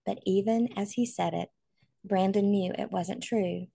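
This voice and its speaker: A woman's voice: mid-range voice, fairly even intonation, a little slow, vocal fry, mellow, breathy edge, no room sound. A woman narrating a novel aloud in an earnest, emotional way. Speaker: audiobook reader.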